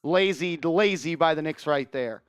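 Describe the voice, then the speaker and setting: A man calling a live game as a fan streamer, fast and openly partisan, shouting at big plays and grumbling about the refs. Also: fairly high pitch, clear, resonant tone, dry recording, clean studio sound. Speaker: play-by-play streamer. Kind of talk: live fan play-by-play commentary.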